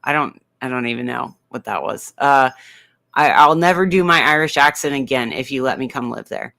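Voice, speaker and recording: A man's voice: medium pitch, moderate pace, vocal fry, pushed and bright, no room sound. A man hosting a comedic weather livestream, talking casually and playfully in a rambling way, with many fillers.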